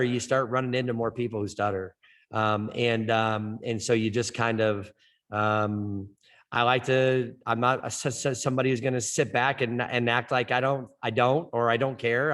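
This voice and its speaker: A man's voice: mid-range voice, a bit bright. A man who stutters, talking in a casual interview with many repeated words and restarts. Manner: stutters, with frequent word repetitions and restarts. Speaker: softball coach.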